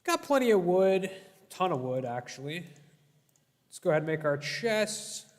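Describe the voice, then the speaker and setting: A man's voice: high voice, very animated, moderate pace. A young man streaming a game, giving casual gameplay commentary, yelping in alarm and bantering with his chat. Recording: long reverb.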